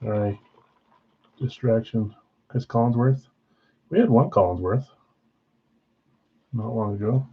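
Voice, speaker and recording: Hosting a live card break from a card shop, a man casually reads names and teams off a list, sounding tired and yawning. His medium-pitched voice is unhurried with frequent pauses, and the audio is dull with a little hiss or hum.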